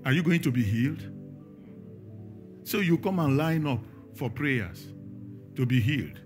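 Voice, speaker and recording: A man's voice: mid-range voice, animated, unhurried, soft background music. A man with a Nigerian accent preaching a sermon, emphatic and firing questions at the congregation.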